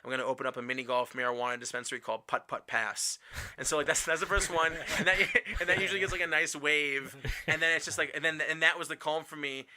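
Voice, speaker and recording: A man's voice: a little high, flat delivery, fast, pushed and bright. A man from Wisconsin, a stand-up comedian, telling stories in casual chat, rambling with many fillers and restarts and acting out what people said. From Wisconsin, USA.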